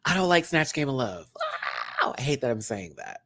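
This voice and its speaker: A man reviewing a reality show on a livestream, chatty and animated, swinging between loud bursts and hushed asides. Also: mid-range voice, moderate pace, dry recording. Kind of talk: casual livestream commentary.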